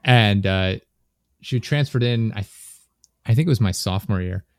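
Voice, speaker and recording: A man's voice: on the low side, moderate pace, no room sound, studio quality. A young man, hosting a podcast in casual chat and rambling through stories with lots of fillers. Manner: rambling, filler-heavy storytelling. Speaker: podcast host.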